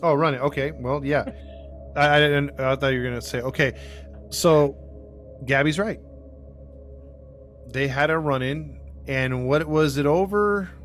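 A man hosting a true crime podcast, telling the case in a casual, animated way and acting out what people said. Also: a little high, a little slow, long pauses, faint music behind. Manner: animated, acts out quoted people, laughs often. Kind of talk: casual storytelling.

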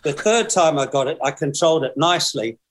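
A man in his sixties with an Australian accent speaks in a slightly high, animated, brisk voice. He's a guest on a video call, chuckling his way through long, rambling stories in a casual storytelling mode.

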